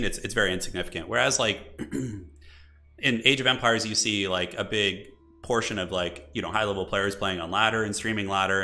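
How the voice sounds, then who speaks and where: Hoarse, bright-voiced male game streamer. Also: on the low side. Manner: chatty, thinking aloud, answering viewers. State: hoarse from a chest cold. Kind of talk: live gameplay commentary and chat replies.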